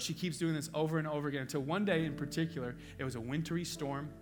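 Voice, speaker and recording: A man preaching a sermon with passion, moving between hushed, quiet passages and loud, urgent peaks. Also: fairly high pitch, fast, few pauses, over music. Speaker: pastor.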